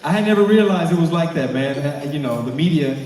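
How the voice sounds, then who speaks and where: A man doing a lively stand-up comedy set, acting out the people in his stories. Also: a little high, fast. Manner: animated, acts out other people's voices. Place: large banquet hall with live audience. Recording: echoey hall, far from mic, crowd. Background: audience laughing.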